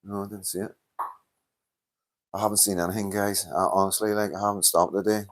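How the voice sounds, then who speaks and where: Northern Irish man, deep voice, hosting a casual live stream; blunt, swears freely, quick to laugh. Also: flat delivery. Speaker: livestream host reading chat.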